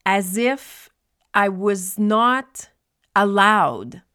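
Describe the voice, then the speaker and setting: A woman talking candidly to her listeners about her own feelings, in a reflective monologue with pauses and fillers. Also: medium pitch, lively intonation, pushed and bright, clean tone. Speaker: podcast host speaking to adults with ADHD.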